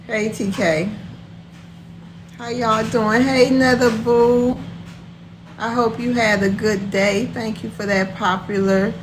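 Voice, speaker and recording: A woman's voice: fairly high pitch, fairly even intonation, slow, pauses often, noisy background. A woman hosting a casual live stream, chatting and greeting viewers by name in a folksy way.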